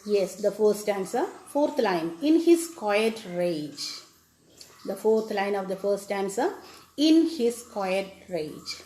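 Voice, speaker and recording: A woman teacher, explaining a poem to children and repeating each definition slowly. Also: mid-range voice, expressive, mellow. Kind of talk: classroom lesson on a poem. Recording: echoey room with faint background noise.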